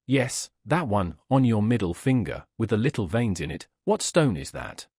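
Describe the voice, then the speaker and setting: An accused young man pours out fierce, desperate protests, his husky voice rising and falling with feeling, as a narrator reads him. The voice is lively and dry, close and without room sound. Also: medium pitch, moderate pace, no echo. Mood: peevish. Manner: impassioned, bursting outbursts.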